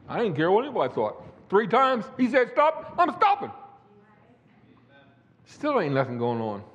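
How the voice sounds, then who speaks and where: A man's voice: fairly high pitch, a bit bright, highs cut off. An older man preaching a sermon, telling a personal testimony in a folksy, emphatic way. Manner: folksy, rising to emphatic declamation. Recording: echoey hall.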